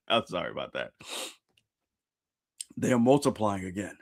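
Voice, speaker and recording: A man talking straight to his stream viewers as he reacts to a new chapter. He chats in casual slang and keeps breaking into loud, repeated exclamations. His voice is very animated and swoops up and down constantly. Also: low-pitched, moderate pace, long pauses. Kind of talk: live reaction commentary.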